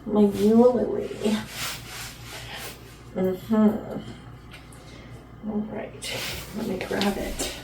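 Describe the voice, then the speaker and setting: A woman's voice: mid-range voice, steady tone, very slow, vocal fry, long pauses. A woman from Canada, a vlogger chatting in a playful, rambling way while trying on clothes at home. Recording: roomy, distant, faint room noise.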